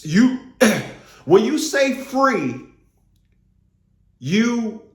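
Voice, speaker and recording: A political commentator rants through a casual monologue in a high-pitched, very animated voice delivered extremely slowly. He rambles, repeats words and swears, and the room is echoey.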